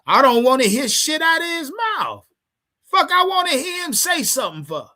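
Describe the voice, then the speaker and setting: A man streaming to his chat, ranting hard about his football team. His voice swings widely in pitch, and his tone is bright and forceful. He swears freely and circles back over the same points. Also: big pitch swings, normal speed. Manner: heated, swearing, repetitive, talks to chat. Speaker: sports fan streamer. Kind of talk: profane livestream sports rant.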